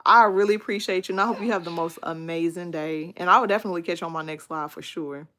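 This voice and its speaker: A young adult woman chatting casually with viewers during a livestream, animated and talkative, thanking people by name and sliding into baby talk with her son. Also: fairly low pitch, fast. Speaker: livestream host.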